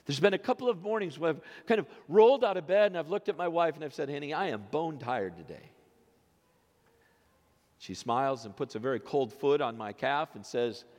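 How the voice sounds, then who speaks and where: A man's voice: quick pace, hardly any pauses. Man in his fifties preaching in a reverberant sanctuary. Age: 50s. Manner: swings from quiet low phrases to loud, rising exclamations. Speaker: pastor. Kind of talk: sermon. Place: church sanctuary. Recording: long reverb of a church sanctuary.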